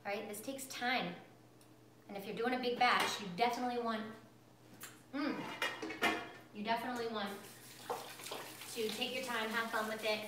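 A woman's voice: on the high side, roomy sound, noisy background. A woman teaching a live cooking class from her kitchen, bubbly and chatty, talking straight to her viewers. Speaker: cooking instructor. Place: home kitchen.

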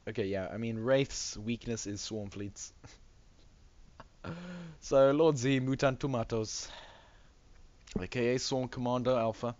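Low-voiced male host, giggly and rambling, swings his pitch widely on a dull lo-fi recording. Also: animated, moderate pace. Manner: giggly, rambling, laughs often. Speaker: tournament host and commentator. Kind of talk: casual game commentary.

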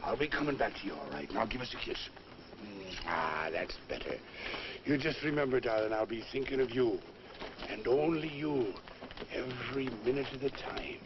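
A man's voice: medium pitch, lively intonation, moderate pace, close to an everyday voice. An actor playing a whiskey-loving cavalry soldier, sweet-talking his girl. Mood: wheedling. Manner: coaxing, sweet-talking, sly. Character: boozy, wheedling old cavalry soldier. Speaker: film actor. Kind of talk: 1950s film acting. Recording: dull old film soundtrack with hiss.

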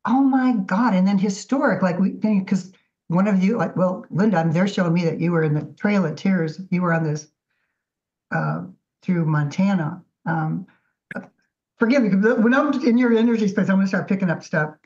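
A woman guest artist telling her story in a casual, animated interview. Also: mid-range voice, moderate pace. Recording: dull lo-fi audio.

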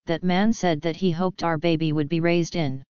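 An upset four-year-old boy read by a woman in a flat, even, machine-like delivery. Her voice is smooth and clear, in a dry and dull lo-fi recording. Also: on the low side, moderate pace, dry recording, close to an everyday voice. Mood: plain. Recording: dull lo-fi audio.

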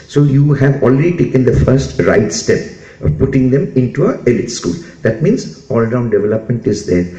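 Older Indian English man, animated speaker addressing parents; mellow tone, dull echoey hall recording. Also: mid-range voice. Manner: animated, humorous, questions the audience. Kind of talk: motivational talk. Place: school hall.

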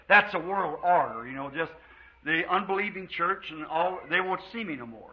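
High husky american preacher guy, fervent sermon in a church, muffled old tape sound. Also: lively intonation. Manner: fervent preaching, drawn-out quotes of scripture. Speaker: pastor. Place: church before a congregation.

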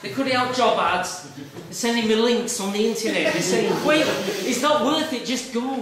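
A man's voice: very high voice, normal speed, crowd noise. An actor playing an aggrieved, blustering middle-aged male traffic warden in a live monologue. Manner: blustering, rambling, self-pitying, with sudden bursts. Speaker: actor in a solo stage show. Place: meeting room with a live audience. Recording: echoey room, voice from far off.

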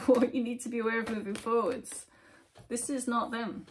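Husky woman reading tarot. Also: on the high side, steady tone, moderate pace. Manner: chatty, with frequent fillers, dropping to near-whispers at times. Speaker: tarot reader. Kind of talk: casual tarot reading to camera.

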